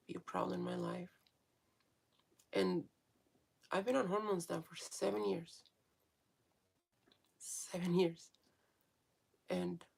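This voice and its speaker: A woman's voice: on the low side, creaky, breathy edge. A woman vlogger talking frankly in a casual, rambling monologue, swearing freely and restarting often.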